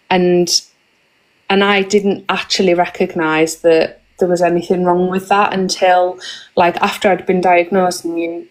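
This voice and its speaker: A British woman speaking hesitantly and reflectively in a casual live-stream chat. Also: lowish voice.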